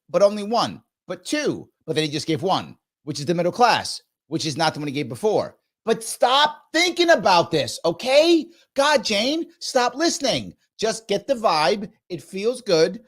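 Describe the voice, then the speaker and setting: Sarcastic, animated man. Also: high voice. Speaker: show host reacting to a clip. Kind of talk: live reaction commentary.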